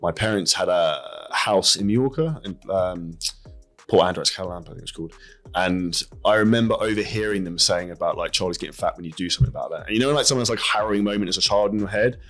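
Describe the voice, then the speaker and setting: An English fitness coach speaking as a podcast guest, direct and quick, with frequent "like" and the odd swear word. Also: male voice, deep voice, a bit bright. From England. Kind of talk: casual interview chat.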